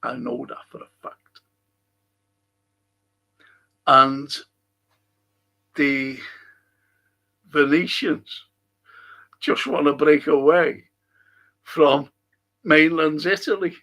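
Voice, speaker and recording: A man's voice: a little high, very slow, long pauses, a bit bright. A middle-aged man with a Liverpool accent, hosting a casual live-stream chat, chatty and opinionated as he reads out viewer comments. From England. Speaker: host.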